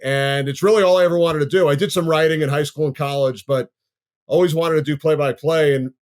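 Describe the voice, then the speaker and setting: A man in his fifties from Long Island, New York, a sports broadcaster telling his story in a measured, easygoing way as a podcast guest. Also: on the high side, steady tone. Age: 50s.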